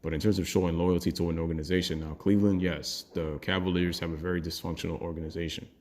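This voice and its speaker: A man with a very low voice delivers an opinionated sports rant for his own channel. He talks bluntly and heatedly, swearing freely as he argues his point. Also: little pitch movement, fast, a little mellow, slight background noise. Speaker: sports commentary YouTuber.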